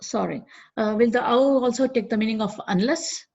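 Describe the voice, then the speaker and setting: Gravelly, husky woman student. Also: fairly high pitch, normal speed, darkish tone. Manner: polite, hesitant questioning. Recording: lo-fi online call audio.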